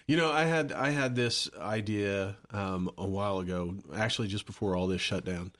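A man's voice: on the low side, normal speed, a bit bright. A man musician chatting casually, rambling with restarts and casual swearing. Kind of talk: casual chat.

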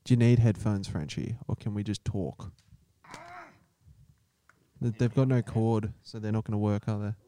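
A man's voice: on the low side, normal speed, long pauses, dark tone, slight background noise. An Australian man co-hosting a podcast, teasing his co-host with sarcastic ribbing. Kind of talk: casual banter.

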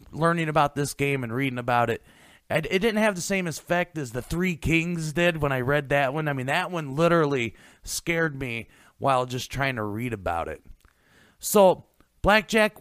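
A man hosting a podcast, chatting casually and sliding into a low, hushed sign-off. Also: no echo, studio quality. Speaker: podcast host.

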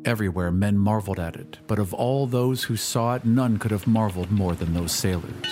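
Low-voiced man narrating a story. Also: a little mellow, faint music behind. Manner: measured, dramatic storytelling. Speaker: audiobook narrator. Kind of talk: scripted narration.

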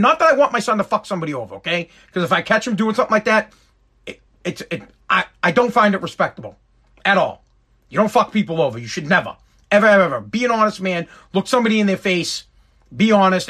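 A man's voice: sits high, a bit bright, breathy edge. A father talking straight to his viewers in a blunt, profane rant, often repeating and restarting his words. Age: adult with a school-age son. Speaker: vlogger and father. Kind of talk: casual ranting monologue to viewers.

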